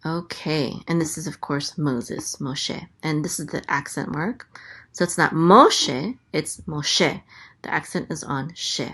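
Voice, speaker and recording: Slow, patient woman teaching Hebrew letters. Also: low voice, fairly even intonation, breathy edge. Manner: slow, patient, repeats each sound. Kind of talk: letter-by-letter language lesson.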